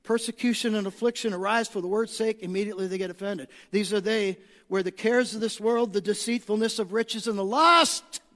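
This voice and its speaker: A man preaching a sermon emphatically, hammering points in repeated lists and rising to shouts. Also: sits high, steady tone, a little fast, few pauses. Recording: long reverb of a large hall.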